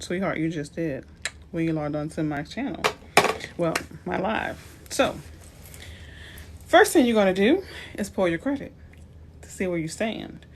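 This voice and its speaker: A woman's voice: lowish voice, gravelly, a little hiss or hum. A woman from New Orleans with a New Orleans accent, a realtor giving chatty, playful advice on a live stream. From New Orleans, USA. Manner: chatty, playful asides to viewers.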